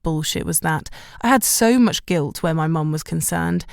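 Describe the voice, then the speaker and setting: A woman narrating a romantic comedy audiobook in the first person, wry and measured. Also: low voice, creaky, dry recording, clean studio sound.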